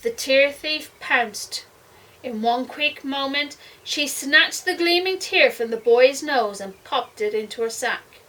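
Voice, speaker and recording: A woman, a primary school teacher, reading a picture book aloud expressively and dropping to a hush at tense moments. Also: on the high side, a little slow, far from the mic, poor audio. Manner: expressive, hushed at suspense.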